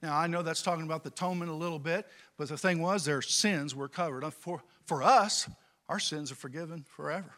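A middle-aged man from California preaching a sermon and telling a childhood story, swinging from quiet to loud as he goes. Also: on the high side, fairly quick. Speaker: pastor.

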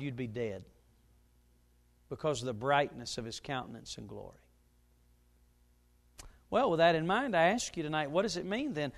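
In church, a middle-aged pastor with a voice on the high side preaches a sermon and tells a story. Every so often his voice jumps up loud.

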